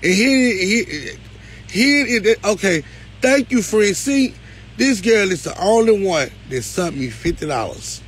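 A man hosting a live stream, talking casually, pleading one moment and loudly complaining the next. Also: high-pitched, takes it slowly, slight background noise. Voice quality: animated, swings from pleading to loud complaint. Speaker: live show host.

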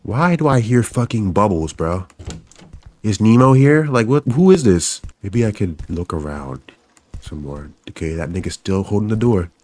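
A man's voice: on the low side, lively intonation, normal speed, darkish tone, a little hiss or hum. A young man giving panicky, joking commentary on a horror game, repeating lines over and over and swearing. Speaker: gaming YouTuber.

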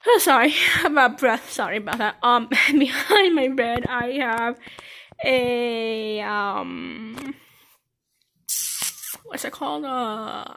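A woman's voice: fairly high pitch, a bit bright, slight background noise. A teenage girl giving a casual tour of her bedroom, rambling with lots of fillers and restarts, recorded on a handheld phone camera. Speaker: vlogger.

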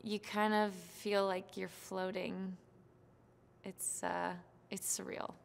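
A young woman, a singing contestant, excitedly recounting her experience in an interview, with many fillers and restarts. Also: mid-range voice, slow pace, gravelly, long reverb tail, slight background noise.

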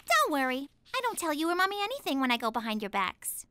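A woman's voice: high-pitched, sing-song, quick pace, bright, forceful tone, dry recording, full character voice. A woman voicing a whiny, melodramatic spoiled teenage daughter in an adult cartoon. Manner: whiny, melodramatic, mood flips. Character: spoiled bratty teen daughter.

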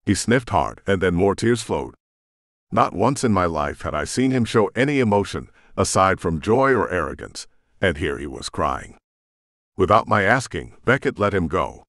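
Deep-voiced male audiobook narrator. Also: very animated, moderate pace, fairly bright tone, no echo, studio quality. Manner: tense, emotional storytelling. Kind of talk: scripted first-person audiobook narration.

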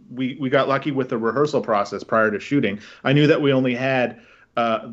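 A man's voice: mid-range voice, dull audio. A man with a Canadian accent, a film director, talking casually in an interview and rambling with many restarts.

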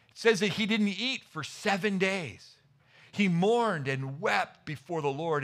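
A male pastor preaching a sermon, retelling scripture stories with animated acted-out voices. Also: fairly high pitch. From United States. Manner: animated storytelling, acting out the Bible characters' voices.

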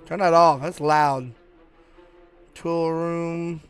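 A man's voice: a little high, steady tone, takes it slowly, clean tone, faint music behind. A man hosting a gaming channel, giving hyped, slangy, joking commentary while he plays a horror game. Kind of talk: let's-play commentary.

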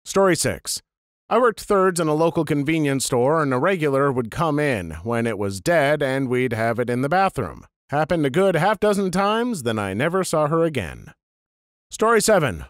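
A man reads out a series of anecdotes in a scripted, matter-of-fact narration. His pitch moves a lot, rising and falling through each line. The recording is dry and close, with no room sound. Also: no echo. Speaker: narrator reading internet stories.

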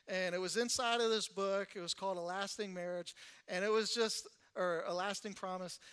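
A young male pastor giving a conversational, animated recovery sermon in church and laughing at himself. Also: sits high, smooth.

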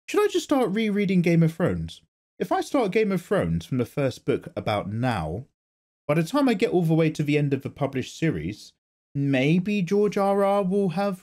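A man's voice: mid-range voice, a little mellow. A man hosting his own art channel, reading viewer comments in casual chat while drawing, playful and self-mocking. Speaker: artist and channel host.

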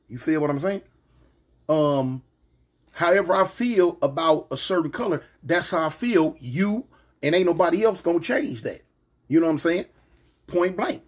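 A man casually telling a personal story to his viewers, animated and full of slang, often asking "you know what I'm saying". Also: a little high, unhurried, breathy edge.

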